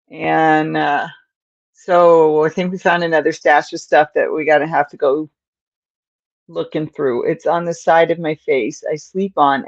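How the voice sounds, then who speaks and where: A woman's voice: fairly low pitch, dry recording, dull audio. An older woman hosting a crochet livestream, chatting in a rambling, casual way to viewers and often chuckling. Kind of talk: casual chat while crocheting.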